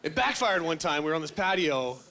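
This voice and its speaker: High-voiced young comedian, animated. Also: male voice, a little fast, slight background noise. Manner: animated, self-mocking, acts out voices. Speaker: stand-up comedian. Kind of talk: stand-up comedy set. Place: comedy club stage. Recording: loud audience laughter, comedy club.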